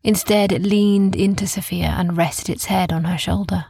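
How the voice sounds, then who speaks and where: With a very raspy, husky voice pitched a little low, a woman reads a bedtime story at a slow, soothing pace, frequently dropping to a whisper and repeating gentle phrases. The sound is close and dry, with no room sound at all.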